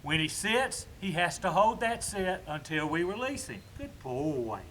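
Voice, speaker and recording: A man's voice: high voice, big pitch swings, unhurried, a bit bright, slight background noise. A man teaching dog obedience training, explaining commands to viewers in a chatty, instructive way while working with a puppy outdoors.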